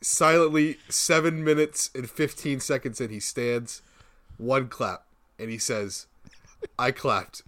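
A man co-hosting a comedy podcast who adds deadpan, absurd riffs in casual banter. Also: mid-range voice, a little slow, dry recording. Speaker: podcast co-host. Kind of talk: improvised comedy chat.

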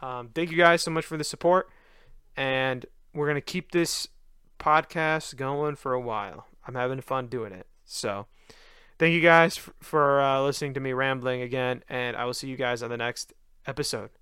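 A man's voice: mid-range voice, normal speed, pushed and bright, clear, resonant tone, dry recording, studio quality. Tired young man rambling on a podcast. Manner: casual, loose, with many fillers and restarts. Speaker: podcast host.

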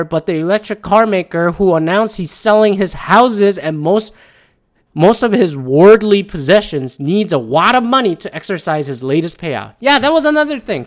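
A woman who works in the auto industry, ranting with exasperation, heavy swearing and rambling asides. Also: mid-range voice. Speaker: commentator. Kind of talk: profane rant.

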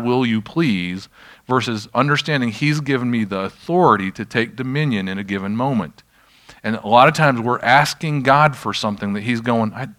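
A middle-aged male pastor delivering a sermon in a relaxed, storytelling manner. His voice sits fairly low but has a forceful, bright edge. He drifts into self-deprecating asides and brings the room back to his point. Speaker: pastor leading a healing ministry.

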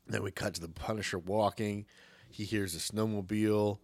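A man's voice: lowish voice, steady tone, moderate pace, dry recording. A man co-hosting a podcast, casually retelling a movie plot with profanity and jokes. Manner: profane, jokey, slips into mocking voices. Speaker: podcast co-host. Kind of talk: casual movie recap chat.

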